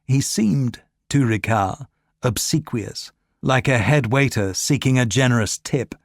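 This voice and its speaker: Male audiobook narrator, measured and steady, mid pitch, dry close read. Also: no echo. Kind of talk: scripted narration.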